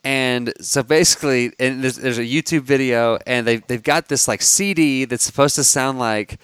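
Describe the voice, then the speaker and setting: A man co-hosting a podcast in casual chat, rambling and halting with lots of fillers. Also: mid-range voice, fairly bright tone, clean tone, dry recording, clean studio sound. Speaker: podcast co-host.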